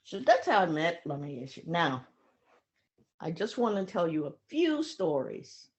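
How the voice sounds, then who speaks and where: Older woman, 70s, reflective storyteller; unhurried, lively intonation, emotional pauses. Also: lowish voice. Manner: emotional, pausing, acts out voices in her stories. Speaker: speaker sharing memories of her teacher.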